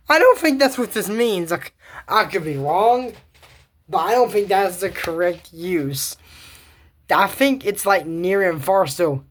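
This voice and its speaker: A woman's voice: lowish voice, animated, slow. A woman giving a casual, rambling recap of a cartoon episode, with sarcastic asides.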